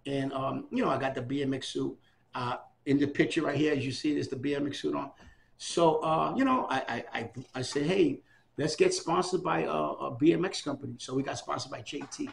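Gravelly middle-aged man telling his story. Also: mid-range voice, fairly quick, slight background noise. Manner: animated, acts out quoted dialogue. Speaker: interviewee. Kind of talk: casual oral history storytelling.

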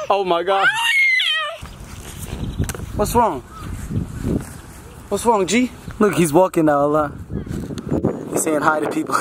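Young guy vlogging on a handheld cam, slangy and exasperated, loud noise behind him. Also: sits high. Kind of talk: casual vlog to camera. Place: at home and out in a garden. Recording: roomy echo, loud background noise.

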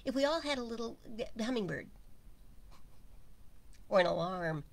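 A woman giving an informal spiritual talk, speaking slowly and musing aloud, often sinking to a near whisper. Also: medium pitch, lively intonation, gravelly. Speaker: spiritual teacher.

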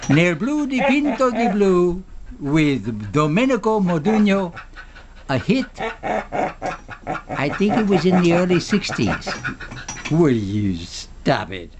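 Folksy, slow-talking man narrating. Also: sits high, sing-song, noisy background. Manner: folksy and playful, slips into preaching. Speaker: video host. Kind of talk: casual narrated home video.

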